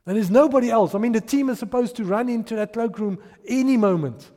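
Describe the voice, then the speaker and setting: A man's voice: very high-pitched, fast talker, dark tone, in a large hall. A man preaching a sermon and acting out the people in his stories. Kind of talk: sermon with storytelling.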